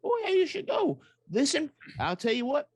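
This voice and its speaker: A man's voice: very high voice, huge pitch swings, normal speed, no room sound. A man playing a tabletop game, talking in character in a folksy, drawling, chatty way. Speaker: player.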